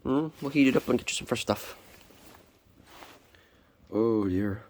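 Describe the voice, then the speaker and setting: A man on a cold morning, chatting to his kittens during chores and swinging between high, sing-song baby talk and a low, plain voice. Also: a little slow, pauses often, darkish tone. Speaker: vlogger caring for animals. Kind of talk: casual talk to pets while doing morning chores. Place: outdoors or animal shed on a cold morning.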